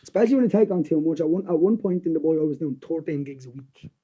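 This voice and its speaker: A man's voice: on the high side, fast talker, mellow, slightly rough, muffled recording. A young Irish man with a Dublin accent, a guest singer-songwriter rambling through stories in casual podcast chat and swearing freely. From Dublin, Ireland.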